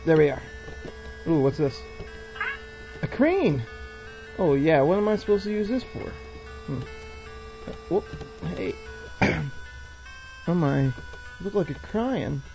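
A woman's voice: low-pitched, big pitch swings, takes it slowly, pauses often, dark tone. A young woman giving casual, giggly commentary while playing a game and reading its text aloud. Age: young adult. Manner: giggly, chatty, reads on-screen text aloud. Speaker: let's play gamer. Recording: dull lo-fi recording with faint game music.

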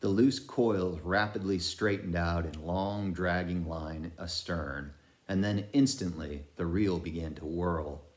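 A man reading a classic novel aloud in a measured, expressive storytelling manner. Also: sits low. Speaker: audiobook reader.

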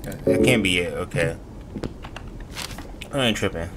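A man's voice: deep voice, measured pace, very noisy. A man giving let's-play commentary on a game, talking to himself, swearing and breaking into laughter. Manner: excitable, talks to himself, swears, bursts into laughter. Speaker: gaming streamer. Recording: game music behind voice.

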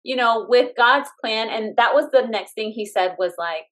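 A woman in her thirties, a guest telling her family story in a lively way, laughing often and acting out what others said. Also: a little high, moderate pace. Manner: animated, laughing often, acts out quotes. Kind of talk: casual storytelling interview.

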